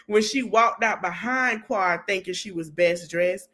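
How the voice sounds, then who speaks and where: A woman's voice: lowish voice, a little slow, hardly any pauses. Sassy woman podcast host dishing gossip. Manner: sassy, animated gossip, breaks into laughter. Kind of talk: casual reality TV recap.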